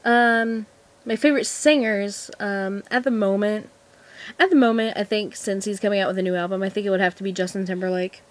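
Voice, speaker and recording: A woman's voice: mid-range voice, fairly even intonation, brisk. A seventeen-year-old girl answering viewer questions in a casual vlog, nervous and giggly, rambling with lots of restarts. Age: teens. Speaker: vlogger.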